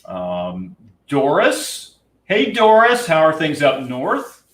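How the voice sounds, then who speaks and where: A man's voice: fairly high pitch, slow pace, reverberant, recorded from a distance. A man co-hosting a casual livestream, jokey and upbeat, greeting viewers by name. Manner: jokey, lively, reads out viewer names. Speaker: livestream co-host.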